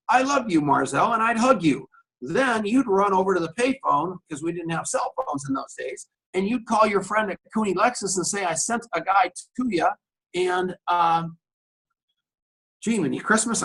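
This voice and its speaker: A man's voice: high-pitched, animated, moderate pace, creaky, pushed and bright, husky, poor audio. A middle-aged man, a radio talk show host, telling a long anecdote on camera in a coffee shop and acting out both sides of the conversation. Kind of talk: storytelling on camera.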